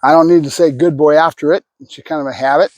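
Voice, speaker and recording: High-voiced dog trainer, dry close sound. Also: male voice, fairly even intonation, fast talker, darkish tone, dry recording. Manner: explains while giving the dog short praise cues. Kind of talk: hands-on training demonstration.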